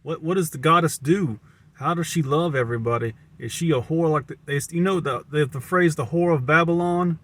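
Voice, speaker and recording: A fairly bright, slightly high voice moves at a fairly quick clip: a Southern American vlogger rambling on camera. His stream-of-consciousness musing is full of repeated and restarted words.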